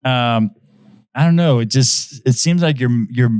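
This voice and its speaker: A man chats casually as a podcast guest, his voice sitting at an ordinary middle pitch. He hesitates often, restarting sentences and filling gaps with "um" and "you know." The recording is dry and close, with no room sound. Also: unhurried, a little mellow, smooth, no room sound. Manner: hesitant, many fillers and restarts. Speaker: magician and mentalist guest.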